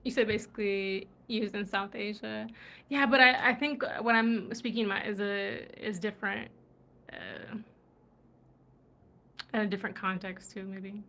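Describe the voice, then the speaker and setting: A woman's voice: medium pitch, steady tone, normal speed, creaky, fairly bright tone. A woman from the USA hosting a livestream, chatting casually and laughing often as she reads viewer comments, tired from travel. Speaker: livestream host. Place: indoors in Morocco.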